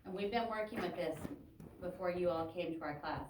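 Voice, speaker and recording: A woman's voice: fairly low pitch, a little fast, recorded from a distance, background noise. A woman teaching an adult English class, chatting loosely and interrupting herself as she explains grammar. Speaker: ESL teacher. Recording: echoey classroom taped from afar.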